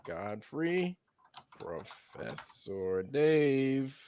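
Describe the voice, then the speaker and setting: A man hosting a livestream, talking in a relaxed, chatty, slangy way. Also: mid-range voice, very slow, slight background noise. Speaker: livestream host. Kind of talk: casual show talk.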